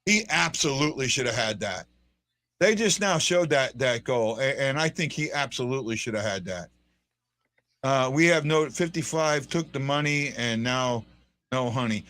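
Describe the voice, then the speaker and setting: Excitable rambling man hosting a fan show. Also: mid-range voice, normal speed. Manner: excitable, rambling, frequent restarts and fillers. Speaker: fan podcast host. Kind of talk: casual live hockey commentary.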